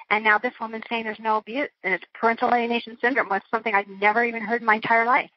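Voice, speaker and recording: A woman's voice: fairly high pitch, steady tone, rapid-fire, few pauses, dull audio. A woman being interviewed, recounting a personal ordeal in an earnest, flowing way with frequent restarts. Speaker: interview guest.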